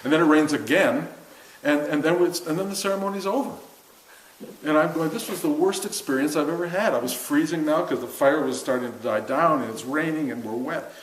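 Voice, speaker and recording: A man's voice: on the high side, fairly quick. An older man telling a long personal story to a group, self-mocking, acting out what people said in a raised voice. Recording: roomy room with faint hiss.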